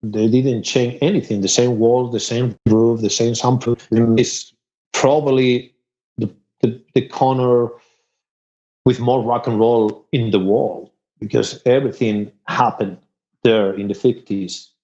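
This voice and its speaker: A man from Spain with a Spanish accent, telling stories as a musician guest on a podcast. He talks in an animated way, at a middle pitch. The recording sounds dull and lo-fi. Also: measured pace. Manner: animated, laughing storyteller. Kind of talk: casual storytelling interview.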